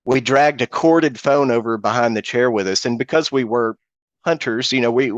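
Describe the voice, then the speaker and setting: A middle-aged man tells his story in an earnest, halting way, stopping short and repeating phrases as he goes. His voice sits at an ordinary male pitch. The sound is dry and close, with no room echo, as if over a video call. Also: lo-fi sound. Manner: earnest, halting, with frequent restarts and repetitions. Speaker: guest witness. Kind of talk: personal account in a video-call interview.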